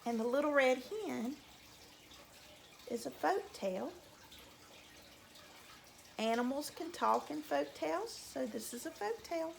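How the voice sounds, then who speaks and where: A woman telling a folk tale to young children at story time, in a slow, sing-song, animated way. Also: sits high, vocal fry, slight background noise. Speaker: teacher reading to children.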